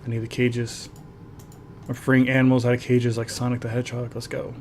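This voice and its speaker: A man's voice: medium pitch, monotone, a little fast, a little mellow, slight background noise. A man chatting casually while streaming a game, reading viewer messages aloud, with frequent laughs and filler words. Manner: chatty, reads chat aloud, laughs often. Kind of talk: casual gameplay commentary.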